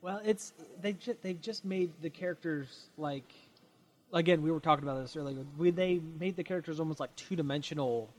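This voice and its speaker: A man's voice: on the high side, fairly quick, darkish tone. A man co-hosting a casual chat, rambling with many fillers and frequent laughs. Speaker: podcast co-host.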